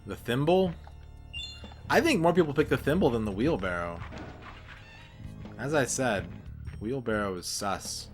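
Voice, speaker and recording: A man's voice: mid-range voice, expressive, measured pace, long pauses. A young man chatting casually while he streams a game, rambling and sarcastic. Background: game music.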